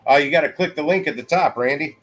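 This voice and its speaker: A man hosting a casual livestream, rambling along with halting restarts. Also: a little high, a bit bright, faint music behind. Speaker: livestream host.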